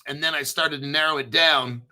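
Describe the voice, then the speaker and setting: An American man hosting a crypto channel, reading an article aloud and riffing on it in a rambling, profane, hyped-up way while clearing his throat. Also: fairly high pitch, fairly even intonation, fairly quick, bright, forceful tone. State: throat clearing, using a cough drop. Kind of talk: casual video commentary reading an article.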